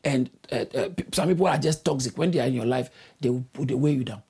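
A man delivers a sermon in a rough, gravelly voice with a husky edge. He exhorts his listeners, repeats key phrases and leaps sharply upward in pitch whenever he wants to stress a point. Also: quick pace, dark tone. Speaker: preacher.

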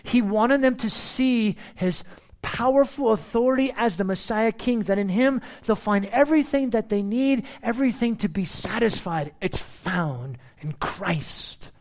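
A man's voice: high voice, animated, a little slow, darkish tone. A man preaching a sermon as pastor, reading scripture verses and explaining them with emphatic, repeated phrases.

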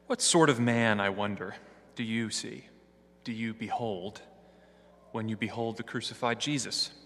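A man reading scripture and preaching a sermon in a church, with a measured, earnest delivery. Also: on the low side, a bit bright, slightly rough. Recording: hall reverb.

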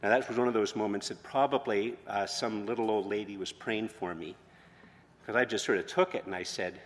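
A man, a pastor, preaching a sermon in a conversational way that rises to loud, emphatic proclamations. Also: on the low side, steady tone, fairly quick. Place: church hall with long reverb. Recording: reverberant church hall.

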